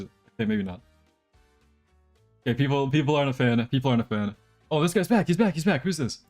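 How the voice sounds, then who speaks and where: A man's voice: mid-range voice, expressive, quick pace, long pauses, a little mellow. A young man streaming a game live, chatting casually to his viewers in a rambling, joking way. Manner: rambling, joking, talks to chat while playing. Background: faint background music.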